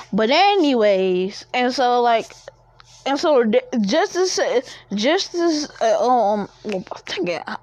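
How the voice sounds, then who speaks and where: A woman's voice: a little high, no room sound. A woman telling a story in casual chat, rambling, with many fillers and restarts. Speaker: fan-fiction storyteller. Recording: dull lo-fi dry recording.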